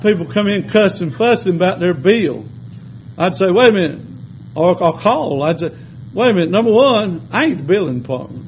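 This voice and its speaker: A man preaching a sermon in a folksy storytelling way, shifting between loud exhortation and quiet asides. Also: high voice, animated, normal speed, slight background noise, low-quality recording.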